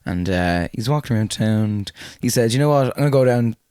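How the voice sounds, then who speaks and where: A man's voice: fairly low pitch, lively intonation, a little fast, darkish tone, clean tone, dry recording. Man telling rude jokes, dry sound. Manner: tells rude jokes with laughing asides. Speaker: podcast co-host. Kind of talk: casual comedy chat. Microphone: close podcast mic.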